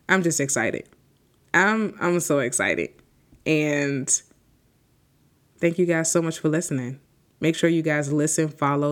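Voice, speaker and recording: Woman, 20s, solo podcast host, unscripted, rambling, heartfelt, grateful. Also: low-pitched.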